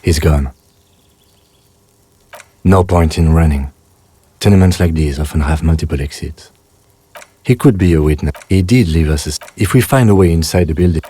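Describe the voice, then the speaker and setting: An actor playing a calm, methodical police partner in a video game, speaking in a measured, matter-of-fact way. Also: male voice, very deep voice, breathy edge.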